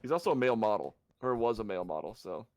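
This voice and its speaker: A man's voice: fairly low pitch, big pitch swings, quick pace, a little mellow, no room sound. A young man co-hosting a podcast, playful and riffing on running jokes in casual chat. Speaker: podcast co-host.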